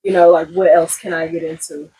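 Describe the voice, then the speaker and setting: A woman who is an entrepreneur, talking in a relaxed, reflective way on a casual podcast. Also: sits low, brisk, breathy edge, rough recording. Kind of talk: casual chat.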